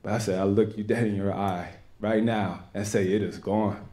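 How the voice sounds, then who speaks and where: A young man with a Texan accent giving an earnest, halting personal testimony to a church congregation. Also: fairly low pitch, fairly even intonation, warm tone. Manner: earnest, halting, with many restarts. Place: church sanctuary.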